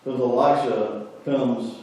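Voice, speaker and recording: A male pastor gives a sermon as animated, conversational storytelling. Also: mid-range voice, unhurried, distant mic. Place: large church sanctuary. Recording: very echoey church, voice from afar.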